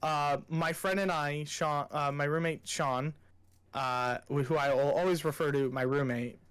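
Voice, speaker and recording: Young guy cohosting a podcast, kinda high voice, super hyped, swears a lot. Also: fairly even intonation, unhurried, fairly bright tone, clean tone. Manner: gushing, enthusiastic, swears freely. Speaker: podcast co-host. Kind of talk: casual chat.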